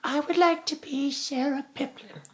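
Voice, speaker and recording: A man voicing a withered, stooped old nun in a high, quavering put-on old-lady voice. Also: steady tone, moderate pace, background noise. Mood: earnest.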